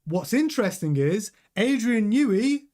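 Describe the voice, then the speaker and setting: A man with a high-pitched voice delivers animated, opinionated commentary to camera. He presses his points hard and talks straight to his viewers. The host is in full flow, quick and emphatic. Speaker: host of a motorsport news channel.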